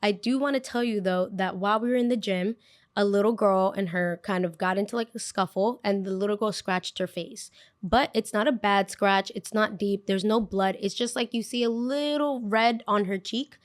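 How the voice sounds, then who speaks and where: A young woman hosting a podcast tells a story in a relaxed, conversational way. She is animated and repeats phrases for emphasis, in a voice of middling pitch. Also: normal speed, no echo, studio quality. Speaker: podcast host. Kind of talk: casual storytelling.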